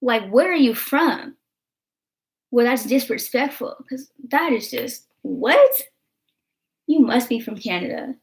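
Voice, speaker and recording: A woman's voice: a little high, animated, a little slow. A young American woman vlogging in casual chat, rambling with lots of fillers and swearing.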